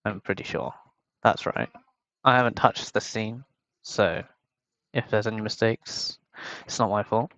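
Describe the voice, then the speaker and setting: A man's voice: fairly low pitch, measured pace, pauses often, fairly bright tone, no echo. A young man from the UK on a headset mic, casually commentating a game tournament alone, rambling and poking fun at himself. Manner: rambling, self-mocking, chatty.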